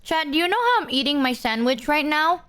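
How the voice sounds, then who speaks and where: A woman's voice: high-pitched, big pitch swings, a little fast, a bit bright. A young woman streamer chatting casually with her viewers, swearing freely and sometimes talking while she eats. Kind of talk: casual live-stream chat.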